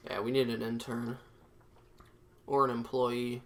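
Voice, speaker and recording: A man's voice: mid-range voice, flat delivery, measured pace, fairly bright tone. A man co-hosting a podcast in casual chat, blunt, profane and dismissive. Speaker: podcast co-host.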